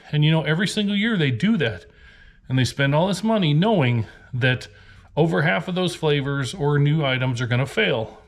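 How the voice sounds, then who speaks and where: A worn-out man from Nebraska vents to the camera in a storage unit, his mid-range voice rambling through a frustrated rant with sighs along the way. He sounds tired and fed up. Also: mid-range voice. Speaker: reseller vlogger. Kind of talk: venting vlog to camera.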